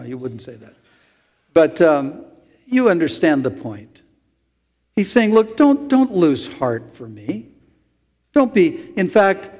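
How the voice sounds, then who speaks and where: A pastor with a high-pitched, darkish voice preaches a sermon in a church sanctuary, working through the verses conversationally and tossing asides to the congregation. The recording carries the long reverb of a church hall.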